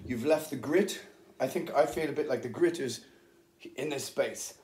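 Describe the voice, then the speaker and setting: Middle-aged metal singer in an echoey rehearsal room. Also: male voice, medium pitch, moderate pace, a little mellow. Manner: rambling, informal, with many fillers. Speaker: heavy metal singer explaining technique. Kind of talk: casual unprepared vocal lesson. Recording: roomy rehearsal room echo.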